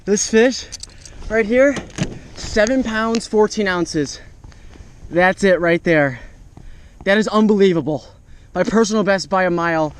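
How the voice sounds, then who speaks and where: Out on the water, a fishing vlogger fires off excited, exclaiming play-by-play, captured on an action camera. His voice sits high.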